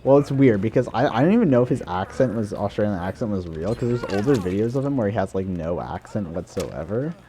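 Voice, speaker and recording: A male streamer chatting casually while he plays a game, relaxed and prone to trailing off. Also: lowish voice, fast talker, few pauses. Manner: laid-back, trailing off and asking questions. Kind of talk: casual chat while gaming. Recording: noisy background.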